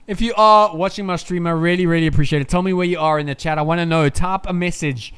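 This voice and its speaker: A young man hosts a live race-watching stream with a high, smooth, crisp voice. He rambles and swears and jumps between excitement and grumbling asides. He sounds short on sleep. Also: fast talker, hardly any pauses. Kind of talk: casual live race commentary.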